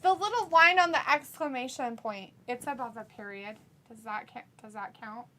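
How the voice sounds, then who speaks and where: Bright, giggly American woman reading chat. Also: a little high, moderate pace. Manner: giggly, chatty, quotes chat messages in playful voices. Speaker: co-host of a wrestling watch-along stream. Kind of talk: casual chat, reading viewer comments aloud.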